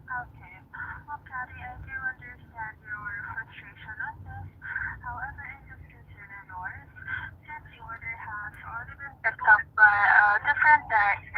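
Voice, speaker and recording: Polite support agent, woman, husky, muffled over a phone line, halting. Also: a little high, no echo. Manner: halting, filler-heavy, polite. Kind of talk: scripted support call.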